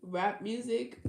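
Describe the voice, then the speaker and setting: A woman's voice: a little high, gravelly, a little mellow, a little hiss or hum. A woman chats casually with her livestream viewers as a tarot reader, slangy and teasing, laughing often. She takes her time with each line. Her voice carries a roomy echo. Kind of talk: casual live chat with viewers.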